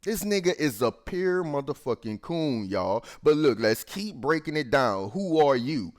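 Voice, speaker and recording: A man's voice: on the high side, very animated, measured pace, hardly any pauses. A man ranting as a wrestling news commentator, heated and profane, talking straight to his viewers.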